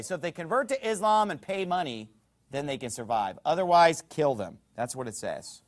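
A man with a high voice that swings widely in pitch, preaching a fiery sermon. He hammers home rhetorical questions, rises into shouts and drops low again, and stops now and then to read passages aloud from a book. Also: animated, normal speed.

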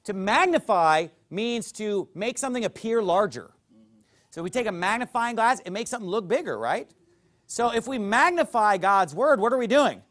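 A man's voice: high-pitched, lively intonation, normal speed, fairly bright tone. A man preaching a sermon as pastor, emphatic and fond of rhetorical questions.

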